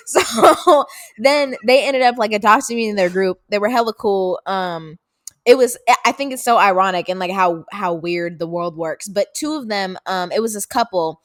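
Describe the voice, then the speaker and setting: A woman of about eighteen from Seattle, co-hosting a podcast and telling a story in casual, profane, animated chat. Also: fairly high pitch, fairly quick, dry recording, clean studio sound. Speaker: podcast co-host, daughter.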